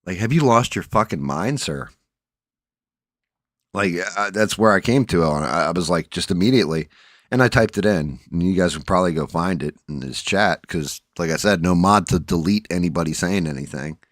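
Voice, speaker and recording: A groggy man hosts a casual livestream chat, his voice sitting very low. He rambles bluntly, swears freely and restarts his sentences. The sound is dry and close, with no room around it. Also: fairly quick, no room sound. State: groggy, just woke up. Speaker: livestream host.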